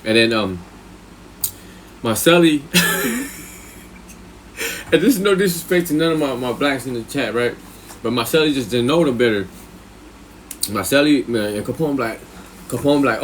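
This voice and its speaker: A man's voice: mid-range voice, moderate pace, pauses often, a little hiss or hum. A man with a Californian accent telling a long prison story to a live chat, slangy and profane, often restarting his sentences. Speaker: live streamer.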